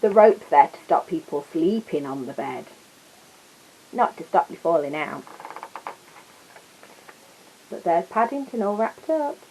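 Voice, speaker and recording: A woman reading a picture book aloud to children, gently adding little asides for her listeners. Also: lowish voice, lively intonation, measured pace, long pauses, a little hiss or hum, poor audio. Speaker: storyteller.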